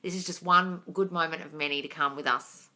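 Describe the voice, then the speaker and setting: A woman's voice: sits low, steady tone, a little fast, bright, forceful tone. A woman hosting a casual live-stream Q&A on her phone, chatting freely, swearing and calling her viewers darling. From England. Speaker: host.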